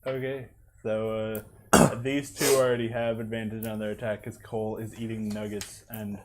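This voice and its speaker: A man's voice: on the low side, flat delivery, moderate pace. A man running a tabletop game as game master, casual and joking with his players.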